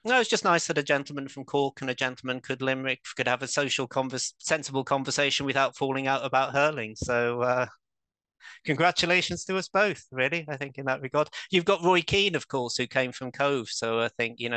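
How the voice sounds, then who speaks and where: A man's voice: medium pitch, brisk, bright, forceful tone, clear, resonant tone, no room sound. A man in his fifties from England with a southern English accent, an articulate, emphatic podcast guest who likes rhetorical questions. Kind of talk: conversational interview.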